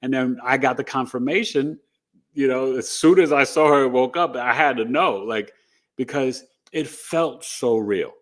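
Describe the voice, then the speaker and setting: A middle-aged man, an astrologer, tells a personal story as an interview guest, animated and rambling, with lots of "you know" and "right?". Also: mid-range voice, normal speed. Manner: animated, re-enacts dialogue in the telling.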